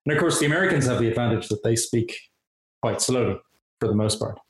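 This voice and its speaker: A man's voice: medium pitch, animated, fast talker. An Irish man hosting a casual interview, talking in a friendly, rambling way with many restarts. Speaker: host. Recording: roomy echoey audio.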